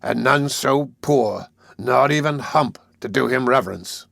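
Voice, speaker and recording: A man's voice: medium pitch, moderate pace, vocal fry, fairly bright tone, no room sound, clean studio sound. A man voicing a blind, brutal sea captain who speaks in a sneering, threatening way.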